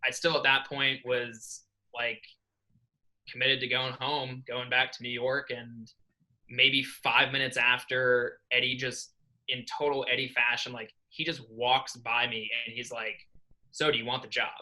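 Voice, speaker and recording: A young man in his twenties tells a long story in a podcast interview. His voice is very bright and sits at a middle pitch. He rambles earnestly through many fillers and restarts. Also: level tone, measured pace, rough recording. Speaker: assistant swim coach.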